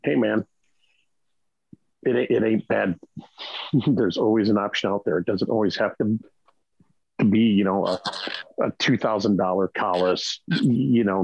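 Middle-aged host, low husky voice, loose rambling talker; dull dry recording. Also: male voice, darkish tone, dry recording. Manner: rambling, frequent "right?" and restarts. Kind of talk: casual chat about rifle optics.

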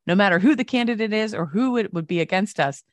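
A woman co-hosting a casual talk show, telling stories and reading news with lively voiced quotes. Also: mid-range voice, fast, no room sound. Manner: animated storytelling with voiced quotes. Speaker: co-host.

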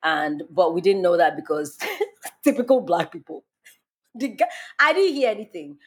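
A woman hosting a podcast, telling a story in casual chat, animated and laughing as she acts out quotes. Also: lowish voice, normal speed, breathy edge. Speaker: podcast host.

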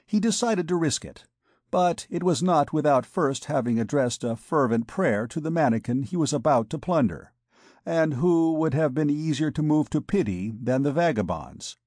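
A man reading a classic novel aloud as an audiobook narrator, in a steady, measured way. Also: fairly high pitch, no room sound, studio quality. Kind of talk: scripted narration.

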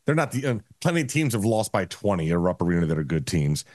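A man's voice: deep voice, very animated, quick pace, darkish tone, no echo, studio quality. A man co-hosting a sports podcast, talking in a blunt, rambling way with crude jokes. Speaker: podcast co-host. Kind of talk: casual sports chat.

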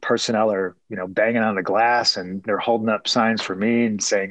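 A man's voice: on the low side, steady tone, normal speed, fairly bright tone, no echo, low-quality recording. A man from Chicago, a former fighter turned broadcaster, giving earnest, rambling interview answers with many restarts.

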